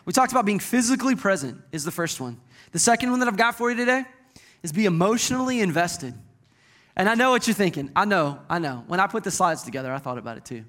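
Brief: man in his 30s, pastor, high bright voice, folksy, joking sermon delivery. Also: fast. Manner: folksy, joking, animated preaching.

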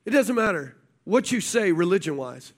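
High-voiced preacher telling a story. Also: male voice, moderate pace. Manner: storytelling preacher, animated, asks the audience questions. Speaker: pastor. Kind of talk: sermon.

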